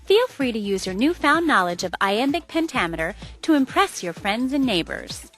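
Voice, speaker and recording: Lively female narrator over faint music. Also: a little high, moderate pace. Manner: upbeat, explanatory. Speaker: educational video narrator. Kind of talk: scripted educational narration.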